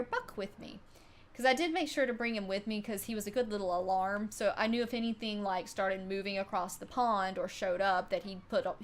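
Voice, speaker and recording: A woman's voice: medium pitch, a little hiss or hum. A woman livestreamer casually telling a story to her chat, swearing freely and laughing often.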